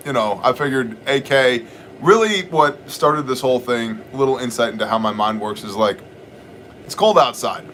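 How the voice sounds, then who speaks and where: A man's voice: medium pitch, fairly bright tone, a little hiss or hum. Man hosting a casual livestream. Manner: joking, greets viewers, shifts into Bible teaching. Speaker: livestream host. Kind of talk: casual livestream chat, reading viewer comments.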